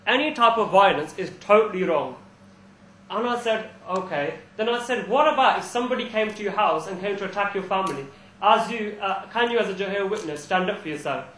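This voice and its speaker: A young man with a notably high voice tells everyday stories at a society talk, chuckling at his own anecdotes. The live recording carries a lot of room echo, with faint background noise underneath. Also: fast talker, a bit bright. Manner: chatty storytelling, with frequent restarts and chuckles. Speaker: invited speaker at a student society talk. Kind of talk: informal religious talk with personal anecdotes. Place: university lecture room.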